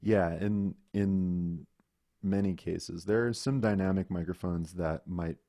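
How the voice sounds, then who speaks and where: A man with a very low, mellow voice explains microphones to a class, patient and methodical. He speaks close into his mic over a video call. The sound is dry, with no room echo. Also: fairly even intonation, slow. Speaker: audio instructor. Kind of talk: teaching a live online class.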